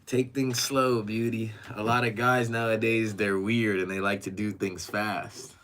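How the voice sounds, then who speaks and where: Low-voiced man reading stream chat. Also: flat delivery, a little slow, a bit bright, slight background noise. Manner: reads chat messages aloud and reacts, swearing. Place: rented apartment.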